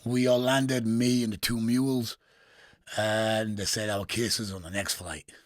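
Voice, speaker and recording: Speaking unhurriedly in a low, flat voice, this middle-aged interview guest with a Geordie accent from England tells crude stories, swearing and laughing often and using street slang. The studio sound is clean, with no room sound.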